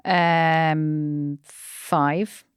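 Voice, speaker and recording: A woman's voice: deep voice, little pitch movement, very slow, clear, resonant tone, dry recording, clean studio sound. A woman co-hosting a podcast in casual chat, playful, with short replies. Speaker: podcast co-host.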